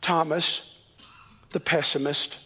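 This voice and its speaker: A pastor in his fifties preaching a sermon in church, telling stories earnestly and shifting between quick and slow, emphatic delivery. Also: on the high side, level tone, sharp tone, husky.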